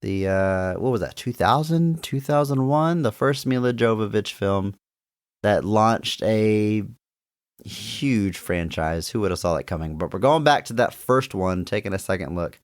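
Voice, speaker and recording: A man's voice: fairly low pitch, unhurried, no echo, studio quality. A man hosting a podcast, giving upbeat announcements and chatting casually. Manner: lively, upbeat show announcements. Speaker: podcast host. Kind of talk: casual chat.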